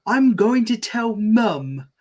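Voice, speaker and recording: Man doing a young girl cartoon dog, whiny, squealing, high put-on pitch. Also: very animated, takes it slowly, a little mellow, heavily acted.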